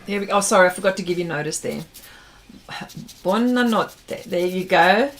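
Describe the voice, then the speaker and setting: A woman's voice: fairly low pitch, fast, slight background noise. A woman hosting an art livestream, chatting casually while she paints and reading viewers' comments aloud, often trailing off mid-sentence.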